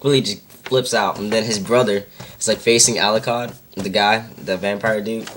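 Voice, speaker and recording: A man's voice: on the low side, fairly even intonation, normal speed, fairly bright tone, slight background noise. A young man casually retelling videos in a rambling way, full of "like"s and self-corrections. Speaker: vlogger.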